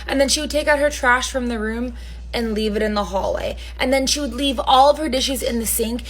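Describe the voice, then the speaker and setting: A woman's voice: fairly high pitch, very animated, a little fast. A woman telling a storytime vlog in a chatty way, with plenty of "like" fillers. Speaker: vlogger.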